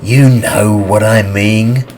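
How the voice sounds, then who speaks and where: A man's voice: on the low side, steady tone, takes it slowly, darkish tone, slight background noise. A man doing the timid youngest harpy. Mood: sly. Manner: unsure, deferential. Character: youngest harpy, deferential, giggly.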